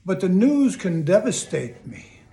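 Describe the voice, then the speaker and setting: Earnest older man with a gravelly voice. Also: sits high, very animated, measured pace. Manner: earnest, gently upbeat, repeats phrases. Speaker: motivational video host. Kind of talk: casual motivational talk to camera. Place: home in Chicago.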